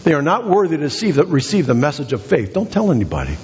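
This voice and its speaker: A male pastor preaching a sermon in a church, building to excited, emphatic exhortations with repeated phrases. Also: fairly high pitch, fast talker. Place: church sanctuary. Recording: dull sound with long hall reverb.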